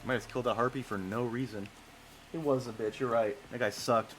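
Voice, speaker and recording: A man's voice: medium pitch, steady tone, brisk, soft background music. A man streaming a game and telling a long story in a casual, rambling way, with many fillers and self-corrections.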